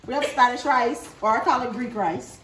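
A woman's voice: fairly high pitch, normal speed, noisy background. Woman cook listing dishes in an echoey room. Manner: friendly, matter-of-fact listing. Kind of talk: describing a meal. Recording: echoey room, far from mic, crowd.

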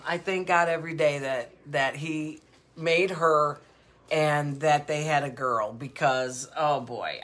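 An older woman chats casually as host of a live jewelry show, drifting from one story to the next with lots of fillers and laughter. Her voice sits fairly low, yet it comes across bright and forceful. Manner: chatty, rambling storyteller with frequent laughs; animated, with many fillers. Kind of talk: casual chat.

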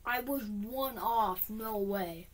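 A woman talking to herself as she plays a building game, quickly frustrated and humming as she works. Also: mid-range voice, slight background noise. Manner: talks to herself, quickly frustrated, hums while working. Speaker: gaming video creator. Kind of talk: self-talk while playing a game.

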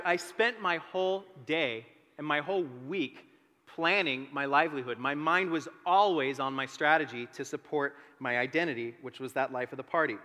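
Bright-voiced young man preaching in a hall. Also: on the high side. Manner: storytelling, animated, self-deprecating asides. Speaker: teaching pastor. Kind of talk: testimony sermon. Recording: long reverb of a large hall.

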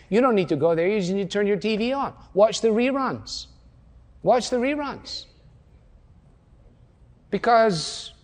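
A man's voice: sits high, darkish tone. A man in his sixties preaching a sermon, firing rhetorical questions and hammering points home through repetition. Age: 60s. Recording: long hall reverb.

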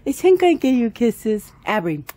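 A woman's voice: fairly high pitch, very animated, moderate pace, mellow. A woman at home, cooing and coaxing in sing-song baby talk to a toddler and a dog. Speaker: parent of the toddler and dog owner. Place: at home indoors.

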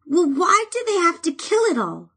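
Lady putting on a tiny squeaky fairy guy, stammering and teary, way up high, storybook reading. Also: huge pitch swings, normal speed, a bit bright, heavily acted. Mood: stammering, wistful. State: crying. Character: tiny timid male fairy sprite, tearful. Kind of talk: audiobook reading.

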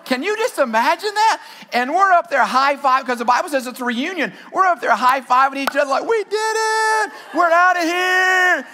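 A man pastor preaching a sermon, reading scripture and telling animated stories with shouted asides. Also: very high voice, brisk, slight background noise. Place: church stage.

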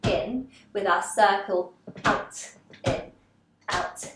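A woman leading a gentle seated movement class, giving encouraging step-by-step cues. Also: medium pitch, fairly even intonation, very slow, very noisy. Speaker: dance and movement instructor. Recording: roomy, echoey room.

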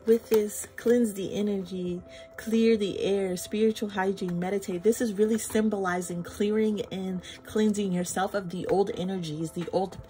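A woman's voice: medium pitch, fairly even intonation, moderate pace, warm tone. A woman giving a casual tarot reading to her viewers, effusive and emotional, swearing freely and calling them y'all. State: flustered and emotional. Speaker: tarot reader. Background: music.

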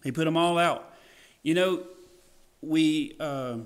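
A man preaching a sermon in a church, animated and folksy, acting out scenes and joking with the congregation. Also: on the high side, takes it slowly, smooth. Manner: animated, acts out scenes in varied voices. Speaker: pastor. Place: church sanctuary.

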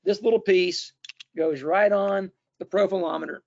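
A man's voice: sits high, fairly even intonation, moderate pace, vocal fry, darkish tone. A middle-aged man presenting a webinar, demonstrating a tool in a casual, chatty way with fillers and restarts. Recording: dull, dry, lo-fi webinar audio.

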